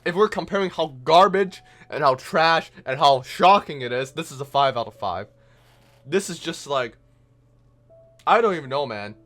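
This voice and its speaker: A man ranting a profane, exasperated reaction review, swinging from shouted disbelief to low muttering. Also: expressive, normal speed. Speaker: online reviewer.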